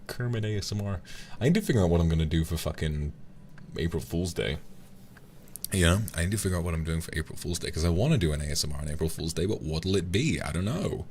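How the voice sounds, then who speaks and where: A man's voice: deep voice, lively intonation, fast, darkish tone, a little hiss or hum. A man chatting casually to his stream viewers in a rambling, playful way, often laughing.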